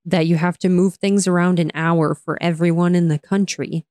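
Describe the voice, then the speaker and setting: A woman's voice: fairly low pitch, normal speed, few pauses, no echo. A young woman co-hosting a podcast, chatting casually, laughing often and ranting with energy. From United States. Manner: animated, laughs often, rants. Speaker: podcast co-host. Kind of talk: casual chat.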